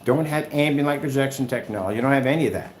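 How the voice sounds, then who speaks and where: A man's voice: mid-range voice, very fast, echoey room. A man talking off the cuff in a vlog, combative and repetitive, trash-talking his rivals before drifting into loose chat. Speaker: screen paint maker and vlogger.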